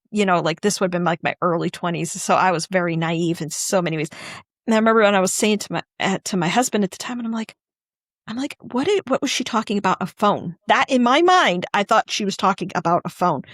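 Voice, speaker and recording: A woman's voice: medium pitch, fairly quick, fairly bright tone, dry recording. Chatty woman, dry close sound. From Northwestern Pennsylvania. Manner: rambling, chatty, full of restarts. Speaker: podcast co-host. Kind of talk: casual chat.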